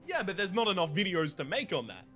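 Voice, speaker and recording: A man's voice: high voice, very animated, fast, sharp tone, soft background music. A man co-hosting a let's play, chatting casually while gaming in a rambling, opinionated way and swearing freely.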